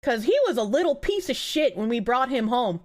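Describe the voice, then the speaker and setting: A woman chatting live on a stream with her viewers. Her voice sits a bit high and swings widely in pitch, and she breaks into excited squeals. She talks in a gushing way and swears freely. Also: fairly quick. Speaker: livestreamer. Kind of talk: casual live-stream chat.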